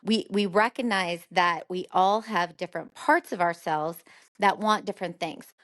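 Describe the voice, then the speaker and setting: A woman's voice: on the low side, moderate pace, fairly bright tone. A middle-aged woman hosting a solo podcast as a therapist, talking conversationally and explaining ideas through everyday examples.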